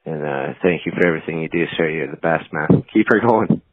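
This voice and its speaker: A man from Canada leaving a voicemail for a podcast, speaking in a halting, earnest way over a tinny phone line. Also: a bass voice, husky, dry recording. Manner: halting and earnest, with pauses and fillers. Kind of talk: heartfelt voicemail message.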